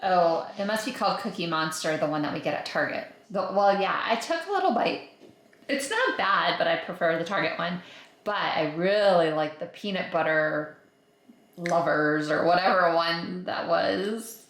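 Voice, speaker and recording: A woman's voice: fairly low pitch, moderate pace, a bit bright, roomy sound. A woman chatting casually to her camera at home, rambling with plenty of fillers. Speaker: vlogger. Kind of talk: casual home vlog chat.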